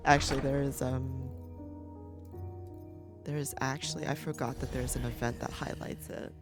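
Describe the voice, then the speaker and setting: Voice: medium pitch, level tone, normal speed, long pauses. A gaming creator giving casual gameplay commentary, chatty and rambling, who swears freely and laughs often. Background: game music.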